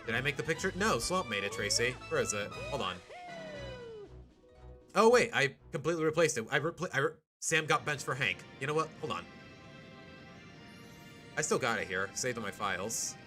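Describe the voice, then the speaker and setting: Male streamer, lively pitch, jokey play-by-play, game music behind. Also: normal speed, long pauses. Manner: animated, jokey, chats to viewers. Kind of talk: live gameplay commentary.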